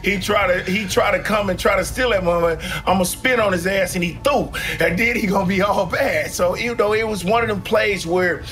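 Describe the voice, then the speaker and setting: Cocky guy bragging bout his game, voice a bit high, cussing. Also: normal speed, hardly any pauses, fairly bright tone, soft background music. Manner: boastful, casual, swears freely. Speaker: former pro basketball player.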